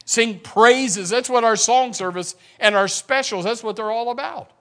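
A middle-aged man preaching a sermon in a church, animated, acting out grumbling voices and calling out to the congregation. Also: sits high, a little slow. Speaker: pastor. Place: church sanctuary.

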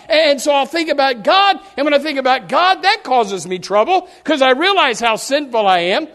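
A man's voice: very high-pitched, expressive, moderate pace, few pauses, fairly bright tone. A man preaching a sermon in a folksy way, with many restarts, acting out what people say. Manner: folksy, repetitive restarts, acts out quotes. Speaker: pastor.

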